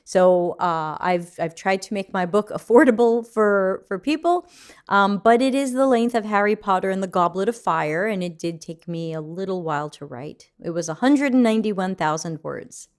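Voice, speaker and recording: A middle-aged woman reads viewer comments aloud and chats loosely while hosting a casual livestream Q&A. She's yawning and still waking up, speaking at medium pitch and normal speed.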